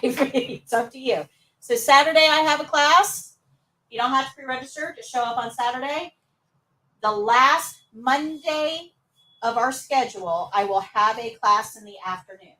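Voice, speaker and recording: Female instructor, high voice, upbeat classroom teaching, mic set back from her. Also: lively intonation, moderate pace, pushed and bright, recorded from a distance, low-quality recording. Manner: upbeat, coaxing students to answer. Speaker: nursing assistant instructor. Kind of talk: live classroom lesson.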